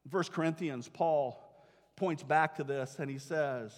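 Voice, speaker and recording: A male pastor preaching a sermon with animated storytelling, acting out the voices of the people he quotes, in a church sanctuary. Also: medium pitch, moderate pace. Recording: long hall reverb.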